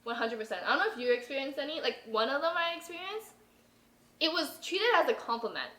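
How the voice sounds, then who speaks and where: A woman's voice: high-pitched, expressive, fast talker, sharp tone. A young woman hosting a podcast in casual chat, telling stories with a lot of energy, swearing freely and acting out what other people said. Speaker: podcast host. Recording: roomy echo.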